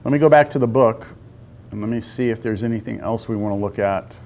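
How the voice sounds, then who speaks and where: Math teacher asking the class questions. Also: male voice, mid-range voice, brisk, a little mellow. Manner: talks to the class, asks lots of check-in questions. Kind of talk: classroom calculus lecture.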